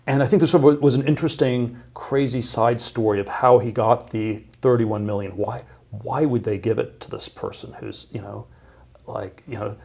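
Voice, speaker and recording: A middle-aged man telling a long story as an interview guest, halting, with many fillers and restarts. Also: medium pitch, fairly even intonation, creaky, a little mellow, husky.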